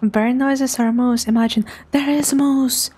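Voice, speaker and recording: High-voiced girl streaming a game, talking slow and hushed like asmr. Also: steady tone. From Russia. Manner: hushed, softly spoken to avoid making noise. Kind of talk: live gaming commentary.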